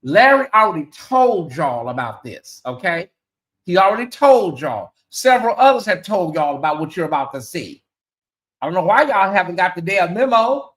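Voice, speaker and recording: A woman hosting her own commentary channel, talking to viewers in an animated, emphatic and sarcastic way. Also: fairly low pitch, normal speed.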